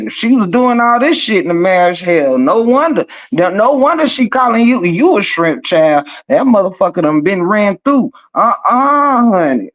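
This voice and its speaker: A man's voice: sits high, a bit bright, muffled recording. A man doing a comedic gossip rant in a sassy, flamboyant manner, calling everyone "girl" and "child", breaking into laughter. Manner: breaks into laughter and gasps for breath. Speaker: commentator.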